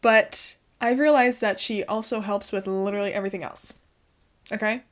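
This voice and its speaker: A woman's voice: medium pitch, fairly even intonation, normal speed. A young woman talking to camera in a casual, chatty way, swearing freely and laughing often as she shares her routines from home. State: out of breath. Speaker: spiritual lifestyle vlogger.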